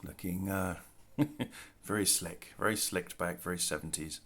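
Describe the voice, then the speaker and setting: A middle-aged man casually showing his artwork on camera, talking in a relaxed, rambling way with self-deprecating asides. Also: low-pitched, normal speed. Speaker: artist showing his work. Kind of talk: casual show-and-tell narration. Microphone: camera mic, handling artwork.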